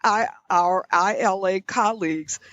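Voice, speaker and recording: An older woman from the American South, guest on an interview, telling personal stories in a reflective, measured way with frequent restarts. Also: medium pitch, a bit bright, no echo, dull audio. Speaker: guest, leadership scholar. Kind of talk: conversational interview storytelling.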